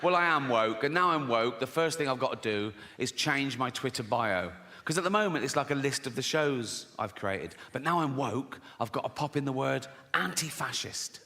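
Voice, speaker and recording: A man's voice: mid-range voice, animated, normal speed, few pauses, bright, forceful tone. A middle-aged English man doing stand-up, sardonic and mock-innocent, slipping into voices for quoted lines. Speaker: stand-up comedian. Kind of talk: stand-up comedy set. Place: large theatre stage with audience. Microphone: stage microphone. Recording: long hall reverb, audience noise.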